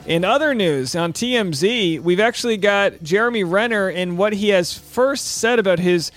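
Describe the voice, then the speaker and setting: A man's voice: high-pitched, normal speed, a bit bright. A man hosting a casual news podcast, chatty and upbeat, who laughs easily. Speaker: podcast host and stand-up comic.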